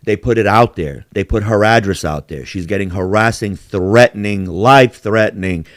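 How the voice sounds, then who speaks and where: A man's voice: fairly low pitch, moderate pace, hardly any pauses, no echo, clean studio sound. A man hosting a podcast, talking in heated, profanity-laden rants with big swings in emphasis. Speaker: podcast host. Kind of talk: casual heated chat.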